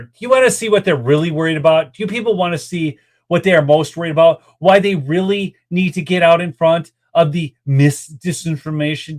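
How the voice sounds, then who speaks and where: A man hosting a political commentary show, talking straight to his viewers in a worked-up, exasperated way between clips. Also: on the high side. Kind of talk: ranting commentary over clips.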